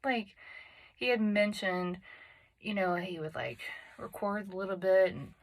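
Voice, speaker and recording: A woman hosts a casual solo podcast, recording it in a home closet with a phone and computer, so the audio quality is low. Her mid-range voice moves a little slowly, and she chats in a self-deprecating way with lots of fillers.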